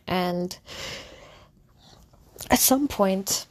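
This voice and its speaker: A woman's voice: medium pitch, extremely slow. A young woman, a content creator, telling a candid personal story in a casual, rambling way, full of fillers and restarts. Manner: candid and reflective.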